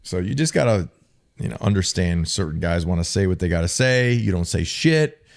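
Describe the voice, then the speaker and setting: A man's voice: low-pitched, lively intonation, normal speed, gravelly. A man co-hosting a podcast, casually telling profane, sarcastic stories about his old coaches. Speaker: podcast co-host, former football player. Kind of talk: casual chat, storytelling.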